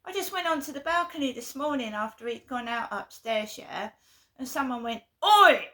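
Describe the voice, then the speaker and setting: A woman's voice: on the high side, a little fast, a bit bright. A woman venting emphatically in a vlog, repeating her points in an aggrieved way. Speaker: vlogger.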